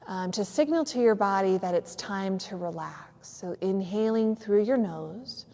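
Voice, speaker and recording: A woman yoga teacher gently and slowly guiding a yoga nidra relaxation in a studio, with a few fillers. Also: mid-range voice, lively intonation, big-room sound. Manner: soft, slow, soothing guidance with some fillers. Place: yoga studio on a cold evening.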